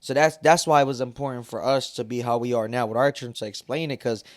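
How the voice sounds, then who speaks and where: Guy cohosting a podcast, talks quick, keeps jumping in. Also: medium pitch, steady tone, dry recording, clean studio sound. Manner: quick interjections, chiming in. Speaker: podcast co-host. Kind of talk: casual chat.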